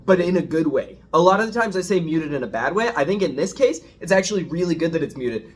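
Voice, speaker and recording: A man's voice: sits high, expressive, brisk, few pauses, slight background noise. A man chatting casually as a food reviewer, rambling and hesitant, self-deprecating as he hunts for words, with a dishwasher running in the background. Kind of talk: casual home review vlog.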